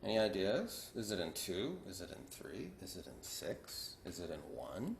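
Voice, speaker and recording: A man's voice: low-pitched, wildly swooping pitch, normal speed, gravelly, reverberant, a little hiss or hum. A man teaching piano, counting beats aloud and asking his students questions. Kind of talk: online music lesson. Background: piano playing.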